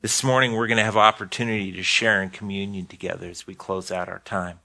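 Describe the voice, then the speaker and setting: A man's voice: fairly low pitch, flat delivery, fast, vocal fry, pushed and bright. An older man preaching a sermon as pastor, earnest, often repeating a word as he starts a phrase.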